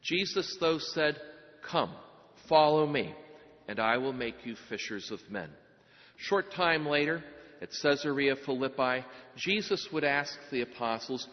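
A man preaching a sermon, telling the story earnestly and pausing for effect. His voice carries a long, lingering reverb, and the sound is a little dull and muffled. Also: medium pitch, expressive. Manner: earnest storytelling, dramatic pauses.

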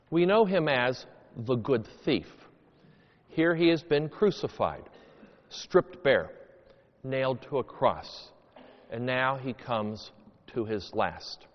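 A man preaching a homily as a priest, with slow, deliberate phrasing that rises and falls dramatically. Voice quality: sweeping highs and lows, slow deliberate delivery. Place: church. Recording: long church reverb, dull lo-fi sound.

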